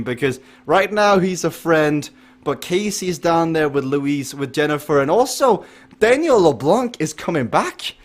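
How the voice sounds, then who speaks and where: A man giving lively, chatty live commentary on an esports race and joking with the chat. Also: a little high. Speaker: race commentator and stream host.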